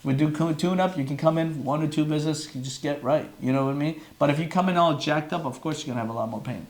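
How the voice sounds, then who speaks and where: With a fast, somewhat high voice, a chiropractor hosts a casual live podcast on his phone. His talk is earnest and rambling, and he keeps stopping mid-sentence.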